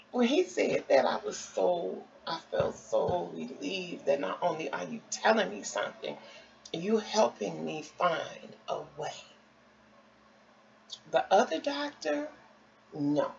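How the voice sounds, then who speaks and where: A woman's voice: mid-range voice, measured pace, gravelly. A woman vlogger telling a story casually and expressively, acting out what people said. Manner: animated, expressive, acts out quotes. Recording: dull lo-fi with faint noise.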